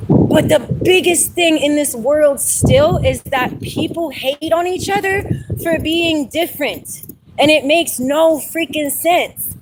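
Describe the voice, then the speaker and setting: A woman's voice: sits high, noisy background. Chatty woman in her forties. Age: 40s. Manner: chatty, animated, laughs often, reads viewer comments aloud. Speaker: livestream host. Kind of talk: casual live chat while walking. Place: outdoor trail on a dog walk.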